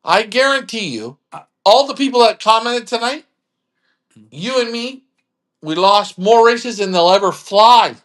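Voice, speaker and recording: Guy hosting, kinda high voice, blunt and pushy, cusses a lot. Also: lively intonation, measured pace, a bit bright. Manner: blunt, emphatic, swears freely. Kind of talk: casual chat.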